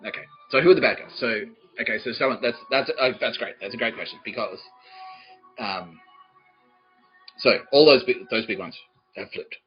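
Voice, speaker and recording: A man's voice: medium pitch, normal speed, long pauses, dull audio, faint music behind. A man hosting a comedy podcast, rambling through a comic monologue, often laughing at his own stories and swearing freely.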